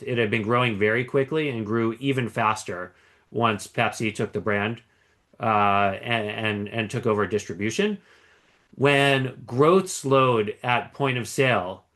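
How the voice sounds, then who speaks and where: A man giving an analytical investment presentation, measured and explanatory, with frequent ums and small restarts. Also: medium pitch, sharp tone. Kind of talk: conference stock pitch. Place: conference presentation.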